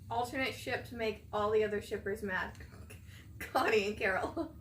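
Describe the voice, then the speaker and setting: A woman giving casual reaction commentary, excitable and swearing often as she talks at the screen. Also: mid-range voice, normal speed, slight background noise. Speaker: reaction video creator. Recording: roomy, off-mic, show audio playing behind.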